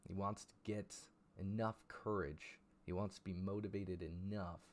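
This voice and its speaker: Hyped low-voiced man streaming live. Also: steady tone, moderate pace. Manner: hyped, repeats names and phrases. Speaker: livestream host. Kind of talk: casual livestream chat.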